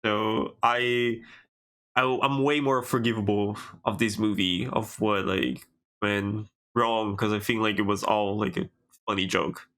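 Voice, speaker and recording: Bright-voiced animated man co-hosting a podcast. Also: lowish voice, unhurried. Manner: animated, restarts often, laughs easily. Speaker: podcast co-host. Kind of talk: casual chat.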